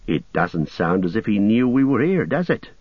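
A man's voice: fairly low pitch, big pitch swings, moderate pace, slightly rough, no room sound, muffled recording. A man reading an audiobook voices a blunt, grumbling young male hobbit. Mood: whispering. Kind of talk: audiobook character voice.

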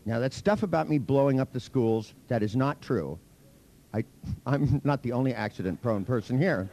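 A man's voice: medium pitch, expressive, normal speed, mellow. A man teaching a hypnosis seminar to a live audience, telling anecdotes in a blunt, profane, teasing way. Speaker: hypnosis instructor.

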